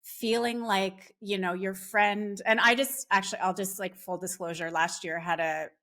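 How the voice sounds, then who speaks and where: Earnest woman guest, mid pitch. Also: fairly even intonation, normal speed, a bit bright. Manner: earnest, with frequent "like" and restarts. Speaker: podcast guest. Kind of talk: casual conversation.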